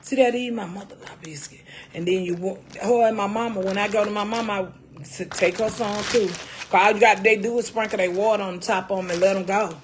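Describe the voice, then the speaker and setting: A woman's voice: mid-range voice, steady tone, brisk, slight background noise. A middle-aged woman hosting a casual cooking livestream, folksy and salty, calling her viewers baby and honey.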